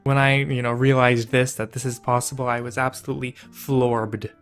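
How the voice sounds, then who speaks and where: A man's voice: mid-range voice, level tone, normal speed, soft background music. A man casually teaching grammar in a playful, self-mocking way. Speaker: language teacher. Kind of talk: casual educational video.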